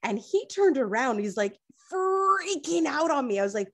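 A woman in her forties hosts a casual parenting talk show. She tells stories animatedly and plays out each quoted line. Her voice sits fairly high and swoops widely in pitch. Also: moderate pace, hardly any pauses. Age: 40s. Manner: animated storyteller, acts out quotes. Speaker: host. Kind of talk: casual chat.

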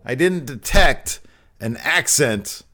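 A man's voice: mid-range voice, expressive, slow pace, bright, forceful tone. A man co-hosting a casual live show, reading viewer questions aloud and laughing often. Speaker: podcast co-host reading chat questions. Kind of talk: casual chat.

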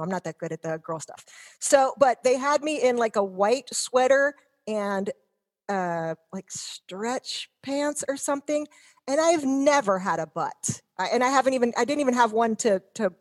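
A woman in her fifties, a guest telling rambling, profane, self-mocking stories in casual chat. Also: on the high side.

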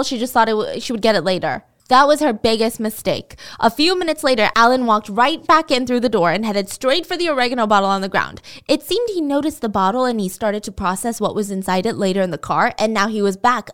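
A woman's voice: fairly high pitch, fairly bright tone, clear, resonant tone. A woman hosting a podcast, telling a true-crime story in a casual, chatty way with dramatic asides.

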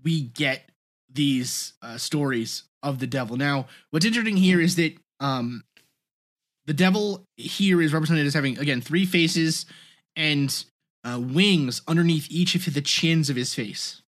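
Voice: medium pitch, animated, unhurried. Explanatory podcast co-host leading the topic. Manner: explanatory, leads the topic, frequent "um" and "now, what's interesting". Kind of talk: casual podcast discussion.

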